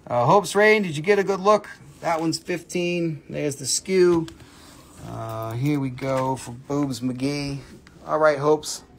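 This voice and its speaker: A man runs a live sale stream from his phone indoors, reeling off prices one after another. His voice sits a touch high for a man, and he keeps up a loose, playful patter between items. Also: slow, slight background noise. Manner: chatty, rattles off prices, playful asides. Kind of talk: casual live-stream selling. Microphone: phone camera.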